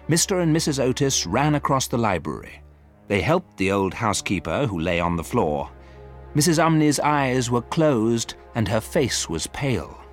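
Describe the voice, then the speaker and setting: A man reading a storybook aloud for learners, in a clear, deliberate way. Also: mid-range voice, big pitch swings, soft background music. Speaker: narrator.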